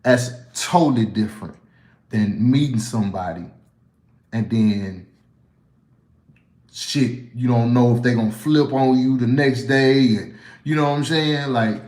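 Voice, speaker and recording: A man's voice: mid-range voice, measured pace, long pauses, a little mellow. Blunt, profane Southern man in a roomy echo. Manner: blunt, profane, rambling with frequent restarts. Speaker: comedian answering viewer questions. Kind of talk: casual livestream Q&A.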